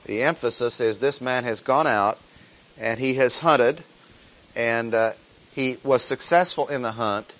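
A man teaching a sermon in an unhurried, deliberate voice. He reads scripture aloud and then explains it in plain words, repeating the key phrases for emphasis. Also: medium pitch, a bit bright. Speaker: preacher.

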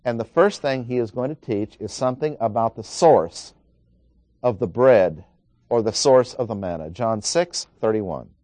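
A man's voice: mid-range voice, normal speed, mellow, no room sound. Man teaching scripture point by point. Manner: methodical, enumerating points and reading scripture aloud. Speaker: preacher. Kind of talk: expository Bible teaching.

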